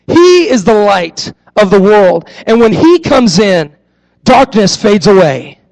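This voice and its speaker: A young man with a strikingly high voice preaches a sermon. He repeats his key phrases to drive them home and slips into animated, acted-out voices when he tells a story. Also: takes it slowly, creaky, low-quality recording. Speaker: youth pastor.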